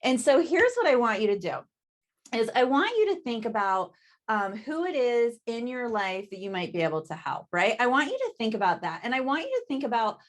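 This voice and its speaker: A woman's voice: fairly high pitch, sing-song, fairly quick. A woman giving a chatty sales training talk over a video call, often laughing and asking "right?".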